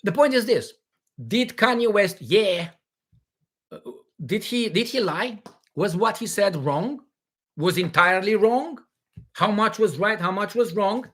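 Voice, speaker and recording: A man from Romania, hosting a casual livestream Q&A in a rambling, animated way from home. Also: high voice. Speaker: livestream host.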